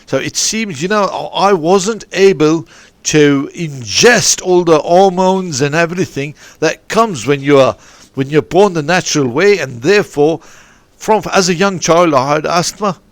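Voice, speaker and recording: A man's voice: fairly high pitch, unhurried, dry recording. A man coaching a sports academy, telling a long meandering story on a podcast with many restarts and digressions. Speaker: football and rugby coach. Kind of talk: rambling anecdotal podcast chat. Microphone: podcast microphone.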